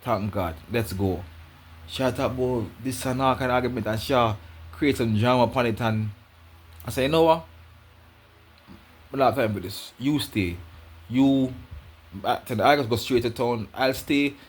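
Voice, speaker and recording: A husky-voiced Jamaican man at an ordinary middle pitch tells a personal story in patois. He rambles, circles back and repeats himself, like someone recounting something to a friend. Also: moderate pace.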